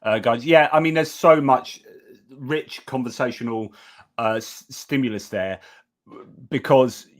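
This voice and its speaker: A man hosts a casual live stream, thinking aloud and circling back on his words. His voice sits at a middle pitch for a man. He searches for phrasing as he talks. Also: unhurried. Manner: thinking aloud, many fillers and restarts.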